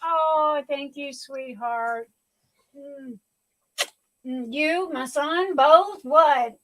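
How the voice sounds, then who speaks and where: A woman's voice: high-pitched, drawn-out words, a bit bright, slight background noise, low-quality recording. A middle-aged woman hosting her livestream at home, gushing and talking through tears. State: tearful. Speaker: livestream host. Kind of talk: casual live chat.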